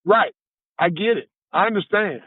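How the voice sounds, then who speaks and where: A male host running a casual interview, eager and quick to answer with repeated affirmations. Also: sits high, lively intonation, breathy edge, no echo. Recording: dry tinny phone-like sound.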